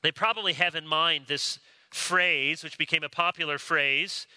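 A man preaching a sermon, animated, acting out quoted voices as he explains a Bible passage. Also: fairly high pitch, moderate pace, clear, resonant tone, no echo. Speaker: pastor.

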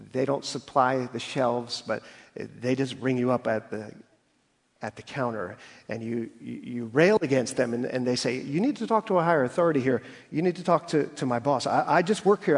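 A man preaching an expository sermon, explaining scripture with everyday stories and acting out quoted voices with rising emphasis. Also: medium pitch. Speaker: pastor. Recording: long hall reverb.

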